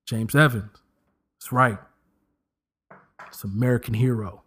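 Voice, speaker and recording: A man's voice: medium pitch, unhurried, breathy edge. A man in his thirties hosting a podcast, giving a comedic casual monologue and slipping into voices as he jokes. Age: 30s. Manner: animated, joking, slips into voices. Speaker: podcast host.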